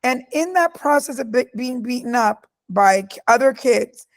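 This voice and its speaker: Forceful high-voiced middle-aged woman. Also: lively intonation, normal speed. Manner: forceful, storytelling, emphatic. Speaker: guest speaker. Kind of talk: candid interview answers.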